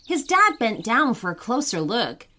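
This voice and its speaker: A woman narrating a children's story in an expressive, unhurried way. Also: fairly high pitch.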